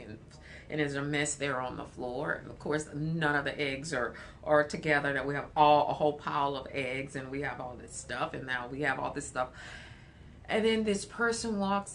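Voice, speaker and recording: Woman counselor on a livestream, animated and storytelling, bright tone, faint hiss behind. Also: fairly low pitch. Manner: animated storytelling with laughs and repeated phrases. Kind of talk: livestream talk.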